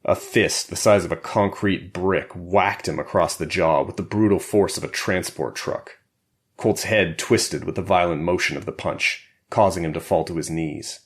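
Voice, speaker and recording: Deep-voiced male audiobook narrator. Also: normal speed. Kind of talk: scripted narration.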